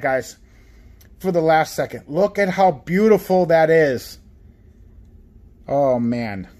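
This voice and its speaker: A man hosting a card-opening video, listing cards quietly and getting excited over good pulls. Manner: excitable, repeats "guys" and "oh my god"; lists cards in a low, subdued voice. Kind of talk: casual unboxing commentary.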